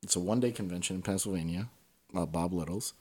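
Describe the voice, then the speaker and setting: A man's voice: low voice, quick pace, mellow, breathy edge. A man telling stories as a podcast guest in casual conversation, swearing freely and tagging his points with "right?".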